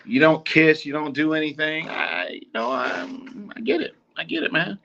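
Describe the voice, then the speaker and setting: A man hosts a podcast and delivers blunt, profane advice in a preachy, repetitive monologue. His voice is fairly high and bright, and his pitch swings a lot. The recording sounds somewhat dull and lo-fi. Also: big pitch swings, moderate pace, gravelly, slight background noise. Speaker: podcast host.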